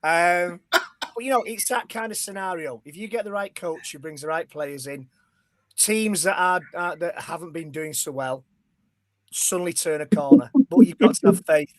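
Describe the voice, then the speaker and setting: A man's voice: sits high, moderate pace. A man giving his view as a pundit on a casual sports chat, stumbling and repeating words before he gets going. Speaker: podcast pundit.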